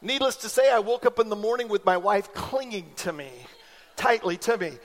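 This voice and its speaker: High-voiced pastor in reverberant church. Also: male voice, normal speed. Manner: animated storyteller, acts out voices in anecdotes. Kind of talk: sermon with personal stories. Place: church sanctuary.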